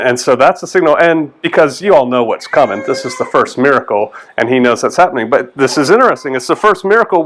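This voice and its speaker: A man, a pastor giving a conversational sermon in a folksy way and acting out the quoted lines in different voices. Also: mid-range voice. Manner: folksy, animated, acts out quotes in changing voices.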